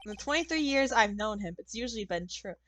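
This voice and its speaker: A woman's voice: on the high side, expressive, fast, fairly bright tone, slight background noise. A woman voicing a nervous young male defense attorney, reading his game lines in her normal voice. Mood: narrating. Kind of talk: game dialogue read aloud.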